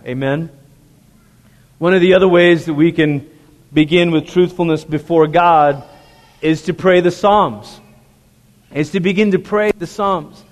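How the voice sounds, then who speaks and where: A man with a high voice preaching a sermon in a church sanctuary, earnest and conversational, turning often to ask his congregation direct questions. His voice rings out with the long reverb of a large hall. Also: unhurried. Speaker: pastor.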